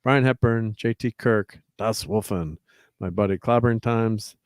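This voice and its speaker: A man's voice: on the low side, unhurried, darkish tone, no room sound, studio quality. A man hosting a casual livestream chat, rambling through thank-yous with plenty of fillers. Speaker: host.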